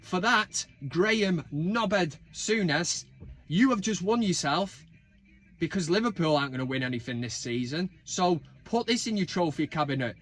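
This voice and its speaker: A man's voice: high-pitched, normal speed. A man hosting a football fan video channel, ranting and mocking with lots of swearing. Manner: sweary, mocking, animated rant. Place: inside a van.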